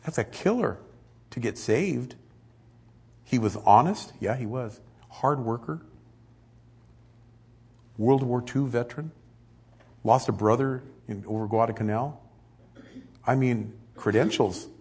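Husky-voiced man preaching a sermon. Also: medium pitch, slow pace, long pauses. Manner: conversational, animated, acts out quotes. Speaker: pastor.

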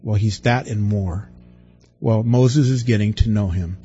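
Animated husky male preacher. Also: measured pace, muffled recording. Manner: animated preaching, acting out quoted voices with big pitch swings. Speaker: pastor. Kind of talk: sermon.

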